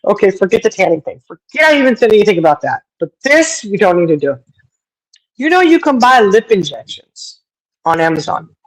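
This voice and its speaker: On a rough recording, a chatty woman co-host tells a gossipy story at a brisk clip, her pitch leaping up and down. She laughs often, drops Southern-style sayings, and pitches her voice higher to mimic others in this casual podcast conversation.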